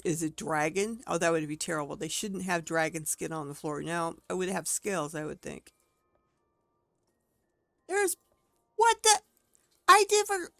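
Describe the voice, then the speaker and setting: Gravelly-voiced woman chatting through a game. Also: lowish voice, fairly bright tone, dry recording. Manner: chatty, thinks aloud, gasps and exclaims at what she finds. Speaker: game streamer. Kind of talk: casual gameplay commentary.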